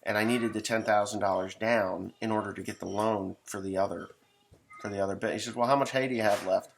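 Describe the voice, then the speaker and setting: Gravelly folksy farmer man, rambling. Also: on the low side, fairly even intonation, brisk, a little hiss or hum. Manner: rambling, folksy, swears casually. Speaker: farmer telling stories. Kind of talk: casual storytelling monologue.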